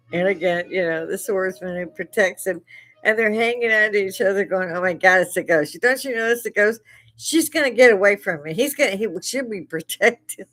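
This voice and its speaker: A middle-aged woman hosting a casual livestream, retelling stories with frequent laughter and acted-out quotes. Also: lowish voice. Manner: animated storyteller who laughs often and acts out quotes. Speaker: livestream host.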